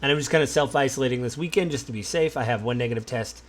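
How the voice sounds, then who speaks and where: A married man hosting a podcast, talking in a relaxed, musing way, with many fillers and restarts. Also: medium pitch, very fast. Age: adult, married. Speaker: podcast host. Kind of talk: casual solo podcast talk.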